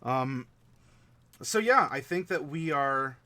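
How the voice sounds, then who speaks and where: A man's voice: mid-range voice, expressive, takes it slowly, sharp tone. A tired man running a tabletop game stream, wrapping up with lots of fillers and restarts. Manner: rambling, many fillers and restarts. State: tired, short on sleep. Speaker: game master.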